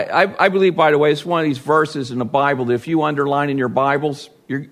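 A man's voice: a little high, creaky, fairly bright tone. A man preaching a sermon as pastor, reading scripture and acting out quoted voices with big swings.

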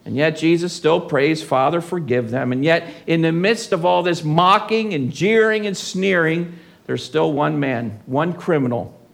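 A pastor preaching a sermon in church, reading scripture and rising loud and intense on key lines. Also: male voice, fairly high pitch, unhurried, vocal fry. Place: church service.

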